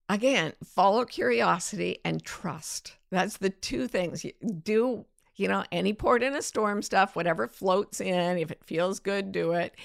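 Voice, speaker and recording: A middle-aged woman host giving gentle, playful life advice and answering listener questions. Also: medium pitch, gravelly, no echo, clean studio sound. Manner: gentle, playful, acts out inner voices. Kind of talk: warm advice talk.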